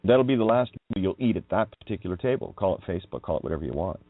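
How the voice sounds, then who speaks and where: Low, lively man on a tinny line. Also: rapid-fire, no echo. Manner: wandering, emphatic, swears when riled. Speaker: radio show host. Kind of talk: rambling monologue on word meanings.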